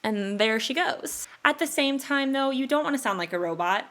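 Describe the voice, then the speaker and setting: A woman's voice: high voice, expressive, normal speed, a bit bright. Upbeat young woman giving life advice. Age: 20s. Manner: earnest, coaching, direct address to listener. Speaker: podcast host. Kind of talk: solo advice podcast monologue.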